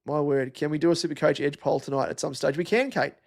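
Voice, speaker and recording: Young aussie bloke rambling through chat on a livestream, slightly high voice with a gravelly edge. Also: male voice, fairly even intonation, fast. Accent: Australian. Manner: rambling, chatty, many fillers and restarts. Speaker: livestream host. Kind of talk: casual live chat reading comments.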